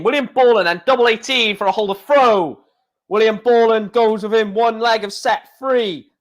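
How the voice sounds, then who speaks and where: A high-voiced man giving casual, chatty live reaction commentary. He talks straight to his viewers and bursts into excitement over big moments. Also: normal speed. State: hiccuping. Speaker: live stream host reacting to darts.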